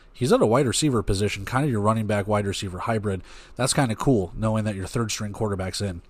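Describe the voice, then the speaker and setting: Low-voiced man rambling through a sports recap. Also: no echo. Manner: rambling, conversational, reads stats aloud. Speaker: podcast host.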